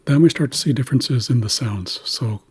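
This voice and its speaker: Man, very breathy and husky voice, mid pitch; patient language teacher who sounds out words syllable by syllable. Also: moderate pace, a little mellow. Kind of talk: explaining pronunciation of an Indigenous language.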